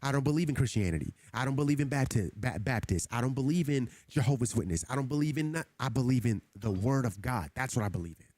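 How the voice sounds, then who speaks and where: A man's voice: mid-range voice, animated, fast talker, few pauses, a little mellow, no echo. A man streaming a game who talks casually to his chat in an earnest, preachy way, often repeating himself. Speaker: gaming streamer. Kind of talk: casual livestream talk to chat.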